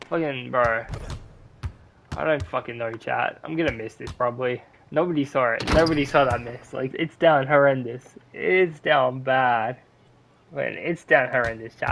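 A man's voice: medium pitch, fairly bright tone, slight background noise. A young man streaming a basketball video game, cursing and ranting at the game while talking to his chat in mumbled asides. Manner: profane, frustrated ranting at the game. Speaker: gaming streamer. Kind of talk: live gameplay commentary to chat.

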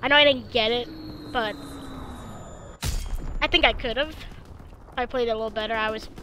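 A young woman hosting a gaming channel, giving excitable live gameplay commentary into a headset, swearing and laughing often. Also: fairly high pitch, normal speed, noisy background.

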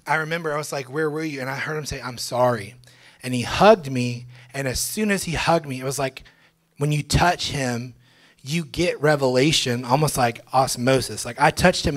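A young man, a pastor, telling his testimony to a church congregation in a casual, slangy way, at times breaking into loud joyful shouts. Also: mid-range voice. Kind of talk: testimony sermon. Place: church sanctuary.

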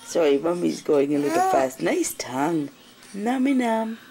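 A mother films her kids at home, chatting slowly in a lowish, gravelly voice, gently scolding and slipping into baby talk. It is caught on a handheld camcorder with a faint hiss underneath. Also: big pitch swings. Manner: gently scolding, then cooing. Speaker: mother filming her children. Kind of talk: casual home-video narration and baby talk. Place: family home, indoors.

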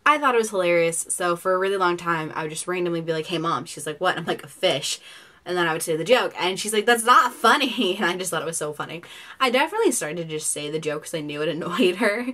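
A woman's voice: fairly low pitch, animated, racing, fairly bright tone. A woman in her twenties chatting casually in a get-to-know-me vlog from her bedroom, rambling with lots of fillers and giggles. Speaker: vlogger.

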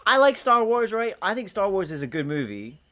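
A man's voice: high voice, big pitch swings, brisk, pushed and bright. A man casually chatting on a gaming live stream, joking, swearing and laughing often as he banters with friends and chat.

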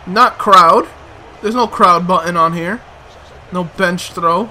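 Guy with a high voice doing game commentary, slow, muttering and cursing at the screen. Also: bright, forceful tone, slight background noise. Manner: mutters to himself, swears in frustration, sudden outbursts. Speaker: let's play host. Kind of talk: gameplay commentary.

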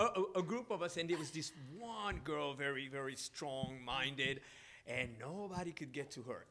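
A man's voice: on the high side, pushed and bright. A man joking playfully in a casual podcast chat, repeating his lines for laughs.

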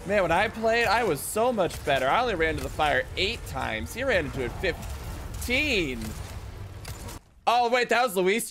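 A man streaming a video game, joking and swearing through casual gameplay commentary, breaking into sudden high-pitched outbursts. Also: sing-song, slow, fairly bright tone, soft background music.

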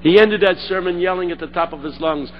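A man preaching a sermon, telling a story and building to shouted call-and-response. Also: sits high, fast, highs cut off, heavy background noise.

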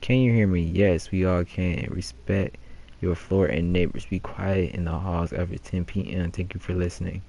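A man's voice: sits low, little pitch movement, moderate pace, gravelly, dark tone. A man streaming a video game, casually reading posters aloud and joking and laughing at them. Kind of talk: casual let's-play commentary.

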